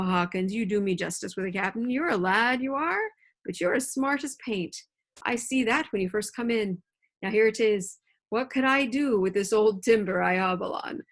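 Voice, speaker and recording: A woman's voice: fairly high pitch, a bit bright. A woman voicing a jovial, sly, one-legged old pirate cook with hearty, folksy sailor talk, read into a computer mic.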